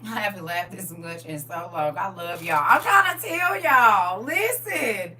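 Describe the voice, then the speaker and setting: A woman hosting a livestream in casual chat, laughing often, repeating "listen," and moving into gentle spiritual advice. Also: mid-range voice, expressive, unhurried. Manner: laughs often, repeats "listen" and "I'm trying to tell you". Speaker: livestream host. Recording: distant mic with faint hum.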